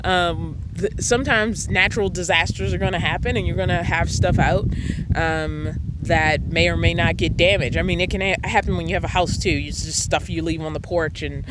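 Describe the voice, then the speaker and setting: A woman's voice: on the low side, steady tone, normal speed, heavy background noise. A woman vlogging from her van campsite in casual, rambling chat with frequent ums. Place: outdoor desert campsite beside a van.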